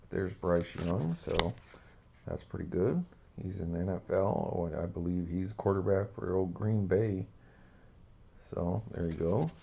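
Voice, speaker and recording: A man's voice: deep voice, measured pace, creaky, a little mellow, muffled recording, slight background noise. A man hosting a casual card-opening video, talking in a rambling, laid-back way. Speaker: card-collecting channel host.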